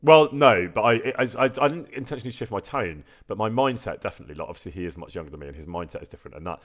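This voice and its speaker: A man's voice: lowish voice, expressive, racing. A man, chatting casually on a live stream and answering viewer questions, self-deprecating and laughing often. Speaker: streamer and actor.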